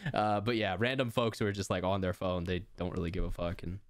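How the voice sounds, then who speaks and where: A young man co-hosting a podcast, chatting casually with jokes, swearing and quick laughs. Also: deep voice, clear, resonant tone. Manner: joking, profane, quick to laugh. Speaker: podcast co-host. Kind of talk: casual chat.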